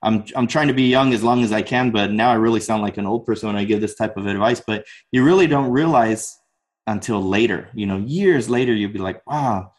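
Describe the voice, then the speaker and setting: A man's voice: lowish voice, fairly quick. A man from the United States, a podcast guest telling stories casually, filling with "you know" and acting out quotes. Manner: animated, acts out quotes, many "you know" fillers. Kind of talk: casual storytelling.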